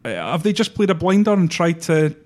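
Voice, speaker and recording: A man hosting a casual football podcast, moving briskly from one item to the next. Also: high voice, steady tone, darkish tone. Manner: brisk, moves the segments along. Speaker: podcast host.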